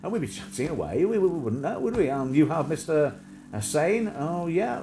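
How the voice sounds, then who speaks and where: Lively chatty man, noisy line. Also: fairly high pitch, fairly quick. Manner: chatty, jokey, laughs often, many restarts. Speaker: live stream host. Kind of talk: casual rambling chat.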